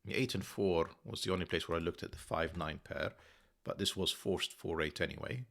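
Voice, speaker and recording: Muttering through a sudoku, the man who hosts the channel reasons methodically and keeps correcting himself. He speaks fairly quickly in a low, fairly bright voice touched with vocal fry.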